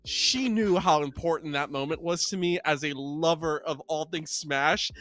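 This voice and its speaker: A male podcast co-host telling gaming stories in casual chat, animated and getting loud when excited. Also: fairly high pitch, moderate pace.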